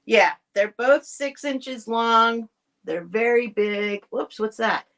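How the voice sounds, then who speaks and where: This woman, whose voice sits on the high side with a bit of brightness, takes her time as she sells vintage pieces on a home live stream. She talks to viewers directly and loosely, wandering off and starting sentences over.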